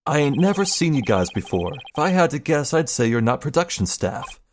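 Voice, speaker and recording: A man voicing a brash, sleazy middle-aged TV producer with fast showbiz patter. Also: a little high, very animated, slight background noise. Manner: fast-talking showbiz patter, drawn-out taunts.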